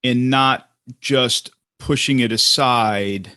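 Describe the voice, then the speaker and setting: A man's voice: medium pitch, slow, bright, forceful tone, smooth. A man with a mid-range voice chats casually as a podcast co-host. He often stops and restarts his phrases. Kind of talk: casual chat.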